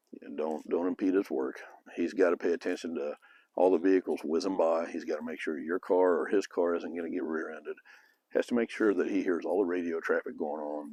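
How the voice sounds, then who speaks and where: Very deep, husky-voiced blunt man. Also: darkish tone, no room sound, clean studio sound. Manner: blunt and frank, with occasional profanity. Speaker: former police officer giving advice. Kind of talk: casual advice monologue.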